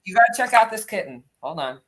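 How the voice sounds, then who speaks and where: A woman's voice: mid-range voice, lively intonation, fast, husky. A woman in a casual live stream chat, talking chattily and jumping between topics.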